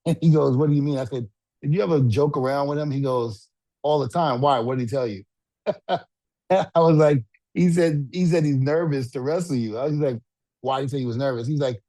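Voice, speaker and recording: A man's voice: mid-range voice, no room sound. A middle-aged man and retired wrestler casually telling backstage stories, acting out quotes with lots of fillers. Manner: animated storyteller acting out quotes, frequent fillers. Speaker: podcast co-host, retired wrestler. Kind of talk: casual storytelling.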